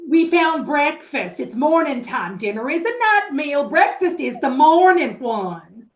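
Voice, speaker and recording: A woman voicing a pedantic, prickly female cactus in a stage play, speaking slowly and sarcastically. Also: high-pitched, big pitch swings, muffled recording. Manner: slow, correcting, sarcastic.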